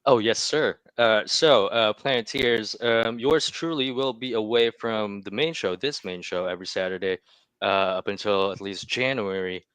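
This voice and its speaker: A man co-hosting a casual sports podcast, talking hesitantly with many pauses. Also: fairly low pitch, a bit bright, smooth, dry recording. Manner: hesitant, lots of fillers. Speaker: podcast co-host.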